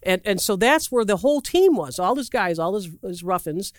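Preacher, mid-pitched, dry close sound, rambling animated sermon storytelling with acted quotes. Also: moderate pace, no room sound. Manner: asks the audience questions directly; loose, rambling delivery with restarts and asides.

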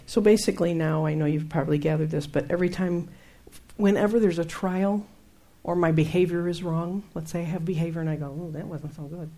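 Middle-aged woman, warm low voice, chatty faith teacher who laughs and acts out stories. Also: fairly quick. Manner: animated, laughs often, acts out her own outbursts. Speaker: Christian teacher. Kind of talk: conversational Bible teaching.

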